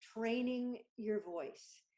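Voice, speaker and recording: A woman's voice: fairly high pitch, drawn-out words, mellow. A woman voiceover artist chatting as a guest on a video-call interview, enthusiastic and talkative.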